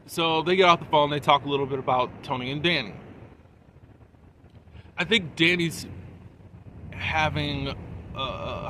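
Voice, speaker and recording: A man's voice: a little high, pushed and bright, slight background noise. A man giving a casual, chatty recap of a TV episode, laughing between points and asking his viewers questions. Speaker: TV episode reviewer.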